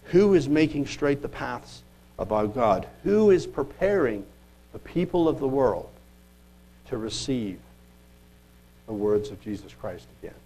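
A man preaching a sermon, reading scripture aloud and asking rhetorical questions, earnest with quiet asides. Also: mid-range voice, big pitch swings, unhurried, long pauses, rough recording.

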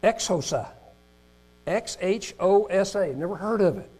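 A man preaching a sermon who reads long lists aloud, stumbling over pronunciations and rising to loud emphatic peaks before dropping low and quiet. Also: animated, normal speed, rough recording. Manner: rises in pitch and volume on emphatic points, drops low and soft on solemn ones. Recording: mains hum in background.

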